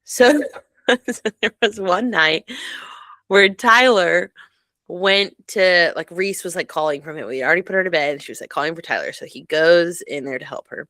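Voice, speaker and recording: A woman's voice: lowish voice, normal speed, sharp tone, no echo. A woman co-hosting a podcast, telling a story in casual chat with bursts of laughter. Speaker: podcast co-host.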